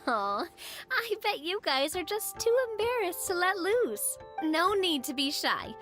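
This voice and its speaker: A woman voicing a cheerful, outgoing young woman in a game, playful and quick to laugh. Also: very high voice, sing-song, music in the background, heavily acted. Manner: bubbly, playful, laughs easily. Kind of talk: game voice acting.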